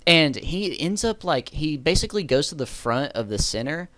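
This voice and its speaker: A man's voice: a little high, very animated, normal speed, bright, forceful tone, no echo. A man telling a story in a casual storytime monologue, rambling, correcting himself and laughing at his own story. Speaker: storyteller vlogger.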